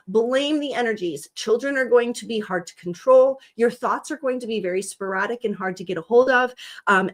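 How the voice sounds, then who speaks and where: Chatty woman livestream host, higher voice. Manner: chatty, lots of ums, greets viewers by name. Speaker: livestream host and psychic reader. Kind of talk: casual livestream chat.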